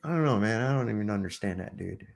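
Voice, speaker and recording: A man's voice: fairly low pitch, animated, fast, gravelly. A man hosting a stream, chatting bluntly and crudely and telling a long joke with put-on voices. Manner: crude, blunt, storytelling with pirate voice. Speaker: stream host. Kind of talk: casual profane chat and joke telling.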